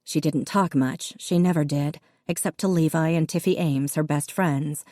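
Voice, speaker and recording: Woman audiobook narrator, steady and even, low dark voice, dry close mic. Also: normal speed, dry recording. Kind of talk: scripted narration.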